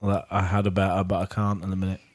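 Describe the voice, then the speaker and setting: Slightly hoarse man chatting on a podcast. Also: sits low, monotone. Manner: laid-back, self-mocking, quick laughs. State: slightly hoarse, losing his voice. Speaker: podcast co-host. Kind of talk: casual chat.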